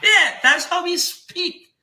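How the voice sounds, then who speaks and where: A man's voice: very high voice, lively intonation, slow pace, bright, forceful tone, reverberant. A man with a Trinidadian accent, a comic book seller giving a rambling, heated, repetitive defense of himself on his livestream.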